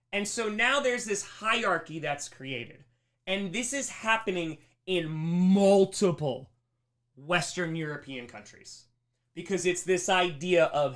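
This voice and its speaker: A man teaching a live history lesson on a stream, emphatic and animated, slipping into mocking voices. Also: sits high, measured pace. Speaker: history teacher on a charity livestream.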